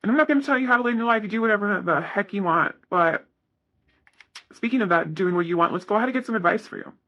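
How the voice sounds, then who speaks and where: A man's voice: high-pitched, fast talker, highs cut off, a little hiss or hum. A man giving a casual tarot reading, talking in a rambling, self-correcting way with lots of fillers. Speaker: tarot reader.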